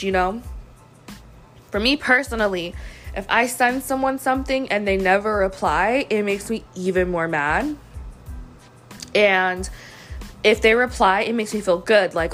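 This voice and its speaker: A woman's voice: mid-range voice, moderate pace, a bit bright, soft background music. Young woman, casual storytime vlogger, slightly sick and throaty, frank, chatty, filler-heavy delivery.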